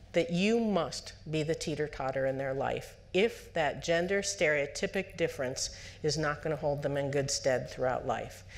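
A woman psychologist giving a lecture to parents at a conference, lively and conversational, putting on the voices of parents and children and asking the audience questions. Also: low-pitched, slight background noise. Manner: asks the audience direct questions.

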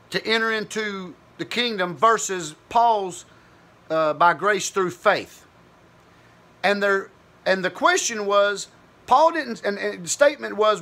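A man's voice: sits high, bright, forceful tone. A man giving an informal Bible teaching, thinking aloud in a conversational, searching way with frequent restarts.

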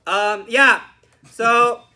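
Bright-voiced young man ranting about hockey. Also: very high-pitched, fairly even intonation, very slow. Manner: rambling, profane, swings from mumbling to shouting. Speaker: podcast co-host. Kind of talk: excited game recap chat.

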